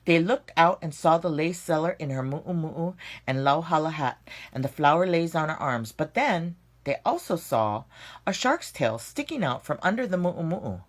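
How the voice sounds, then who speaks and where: Woman reading a children's picture book, lower voice, very animated pitch, dramatic pauses. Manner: expressive, dramatic storytelling with slowed emphasis. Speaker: storyteller. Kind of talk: children's story read-aloud.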